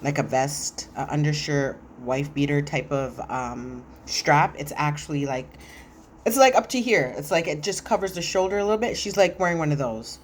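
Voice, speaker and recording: A woman with a low voice talks through a reality TV episode in a loose, chatty recap. She is sassy and opinionated and leans on fillers as she goes. A faint hum of noise sits behind her. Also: animated, normal speed. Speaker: reality TV review commentator. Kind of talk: casual recap commentary.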